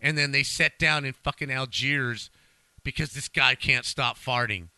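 A middle-aged man recounts stories to his co-hosts with easy emphasis. His voice is very bright and sharp. The sound is dry and close. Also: medium pitch, unhurried, no room sound. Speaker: podcast co-host. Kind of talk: casual chat.

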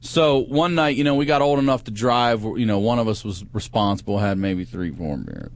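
A man's voice: fairly low pitch, big pitch swings, normal speed. A man on a podcast, telling a rambling, profane road story with plenty of laughs. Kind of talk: casual storytelling chat.

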